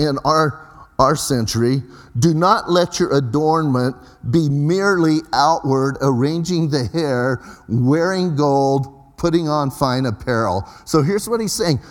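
A man's voice: a little high, big-room sound. A middle-aged man preaching a sermon as pastor, in a folksy, conversational way with emphatic rises.

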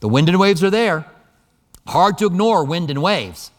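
A fairly high-voiced man preaching to a congregation, telling the story with lively emphasis. His voice carries a long reverb tail through a church hall. He shifts from quiet, slow passages to bursts of energy. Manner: animated storytelling, shifting between soft and emphatic. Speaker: pastor. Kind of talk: sermon.

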